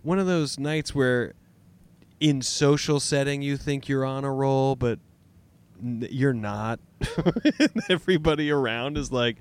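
A man's voice: medium pitch, measured pace, clean tone. A man, a comedian guest on a podcast, rambling and self-mocking, often laughing. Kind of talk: casual chat.

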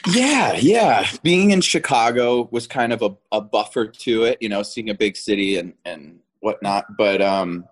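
A man's voice: lowish voice, expressive, a little slow, few pauses. A man in his thirties, an actor guest in a casual interview, rambling and repeating words as he talks, often laughing.

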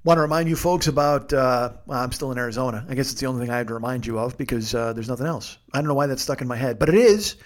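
Fast-talking, profane comedy podcast host. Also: male voice, mid-range voice, soft background music. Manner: profane, absurd, self-mocking tangents. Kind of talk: rambling comedic monologue.

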